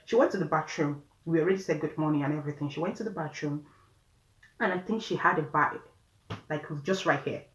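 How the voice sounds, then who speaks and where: A woman's voice: deep voice, a little fast. A woman with a Nigerian accent tells a story casually, chatty and often laughing as she talks straight to her viewers. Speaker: vlogger. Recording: roomy room echo.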